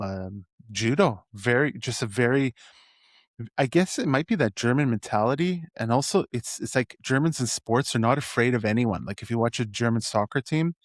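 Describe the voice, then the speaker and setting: A man's voice: medium pitch, normal speed, no room sound, clean studio sound. A man from Edmonton hosting an interview, talking in an enthusiastic, rambling way with many restarts. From Edmonton, Canada. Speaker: podcast host. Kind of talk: casual interview.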